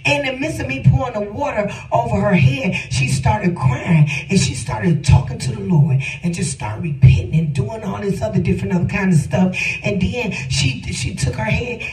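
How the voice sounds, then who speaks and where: A middle-aged woman delivers an emotional personal testimony, leaning on her words and speaking straight to her listeners. Her voice carries the echo of a large room and sits some distance from the microphone. Soft music plays faintly behind her. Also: mid-range voice, normal speed, few pauses. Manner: emphatic, addresses listeners directly. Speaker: storyteller giving a testimony. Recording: roomy sound from a distant mic with faint music.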